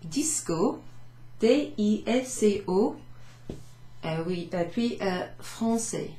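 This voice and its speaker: A woman French teacher recapping a beginners' lesson, chatty, saying French phrases slowly with teacherly emphasis. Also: medium pitch, animated, warm tone. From Wales. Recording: echoey room with faint noise.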